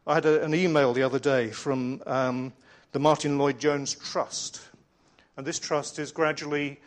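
A man's voice: mid-range voice, fairly even intonation, unhurried. A middle-aged man preaching a sermon with slides, earnest and conversational as he tells stories.

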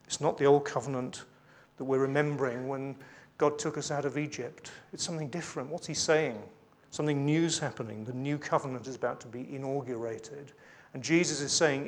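A man's voice: medium pitch, steady tone, a little fast, few pauses. A man preaching a sermon, reading scripture aloud with emphasis between conversational asides with light humour.

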